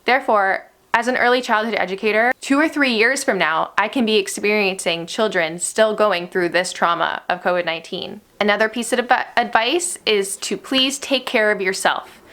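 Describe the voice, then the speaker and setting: A young adult woman, an early childhood educator, gently giving parents advice on helping young children through stress. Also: medium pitch, moderate pace, few pauses. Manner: gentle, instructive, uses "therefore" often.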